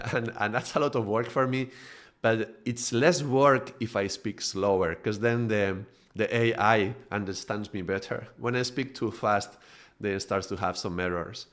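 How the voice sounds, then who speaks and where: Hosting a relaxed live session, this Spanish spiritual teacher, middle-aged and speaking with a strong native accent, delivers stories in quick, lively bursts. His voice is fairly low, and he chuckles frequently and starts sentences over as he goes.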